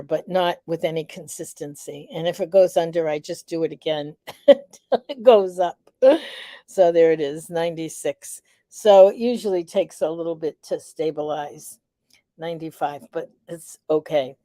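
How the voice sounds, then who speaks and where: A middle-aged woman hosting a live vlog, reflective and unhurried, a little out of breath. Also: sits low, dry recording, clean studio sound. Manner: warm, reflective, unhurried with many fillers. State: slightly out of breath. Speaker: vlog host.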